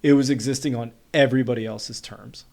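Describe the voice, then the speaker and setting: A man in his thirties from North Carolina, a podcast guest telling a story in casual conversation, quick and animated, with lots of "like" fillers. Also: medium pitch, vocal fry.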